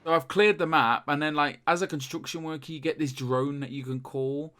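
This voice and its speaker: A man's voice: on the high side, fairly even intonation, brisk, a bit bright. A young man co-hosting a podcast in casual chat, rambling with many fillers and restarts. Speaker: podcast co-host.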